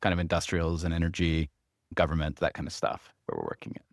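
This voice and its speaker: A man with a very deep voice talks fast and keenly as a podcast guest, restarting sentences as his thoughts race ahead. The sound is dry and close. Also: creaky, dry recording. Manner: fast, energetic talker with many restarts and "like"s. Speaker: company co-founder and guest. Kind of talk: casual interview chat.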